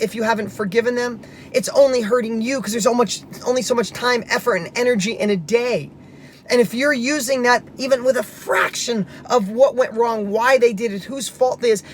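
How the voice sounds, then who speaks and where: A man's voice: high-pitched, slight background noise. A man hosting a motivational talk, telling a personal story earnestly and emphatically, restarting his sentences now and then. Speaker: host.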